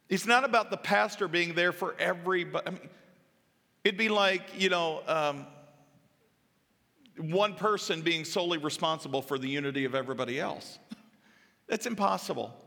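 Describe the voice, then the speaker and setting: Bright, gravelly-voiced preacher in a church. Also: male voice, high voice, normal speed, long pauses. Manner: earnest preaching that swings between rising emphasis and quiet, intimate asides. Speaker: pastor. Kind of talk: sermon. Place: church sanctuary. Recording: long hall reverb. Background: church hall.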